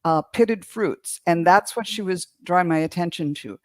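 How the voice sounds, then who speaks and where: A woman's voice: lowish voice, normal speed, no room sound, clean studio sound. A woman psychic medium giving a reading on a live stream, describing her visions in vivid detail. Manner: vivid and descriptive, building up imagery.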